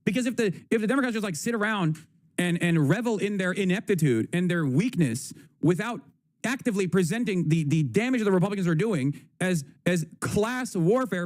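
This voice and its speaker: A man's voice: sits high, no room sound, studio quality. A man hosting a livestream, giving profane, combative and sarcastic political commentary. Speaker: livestream host.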